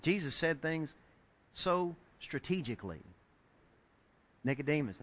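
A middle-aged male pastor preaching with a high, bright voice. He tells stories in an animated way, acts out the voices of the people in them, and pushes up into near-shouts to land his points. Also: moderate pace, faint music behind. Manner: animated storyteller acting out quoted voices, rising to shouts. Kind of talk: sermon with storytelling.

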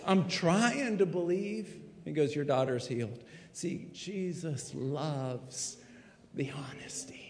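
Man preaching in an echoey hall. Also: fairly high pitch. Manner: dramatic, swings from hushed to shouting. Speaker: pastor. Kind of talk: sermon. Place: full church sanctuary.

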